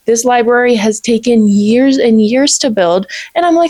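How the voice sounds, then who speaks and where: A woman's voice: a little high, expressive, moderate pace, a little mellow, no echo. A woman, chatting eagerly to camera as a book vlogger, gushing and peppered with "like". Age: 20s. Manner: bubbly and gushing, many "like"s. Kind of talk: casual chat to camera.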